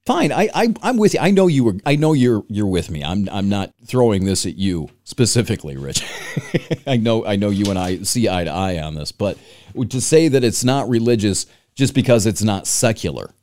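A male podcast host with a low voice that swings widely in pitch. He talks in an impassioned, swearing, emphatic manner, hammering his points home. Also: sing-song, moderate pace, darkish tone. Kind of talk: casual chat and ranting.

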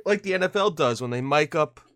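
A man's voice: a little high, animated, fairly quick, a bit bright, slight background noise. A tired man co-hosting a casual podcast. He jokes around, laughs often and restarts his sentences. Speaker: podcast co-host.

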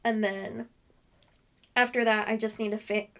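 A woman's voice: mid-range voice, flat delivery, measured pace, a bit bright. A young woman co-hosting a podcast, chatting casually and rambling with fillers. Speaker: podcast co-host. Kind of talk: casual chat.

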